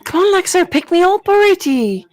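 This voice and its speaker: A woman chatting excitedly while joining a flight-sim multiplayer session, gushing and theatrical, loud and playful. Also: very high voice, moderate pace, rough recording. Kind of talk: excitable gaming chat.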